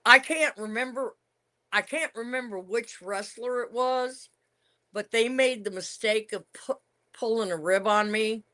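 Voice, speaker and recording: A woman's voice: a little high, measured pace, pushed and bright. An older woman, a retired wrestler, telling stories from her career in a casual interview. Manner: reminiscing storyteller, emphatic.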